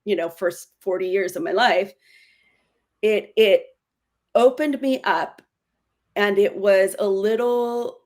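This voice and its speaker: A woman in her forties speaking earnestly as a podcast guest, with quick self-correcting bursts in candid conversation. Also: medium pitch, steady tone, a little mellow. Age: 40s.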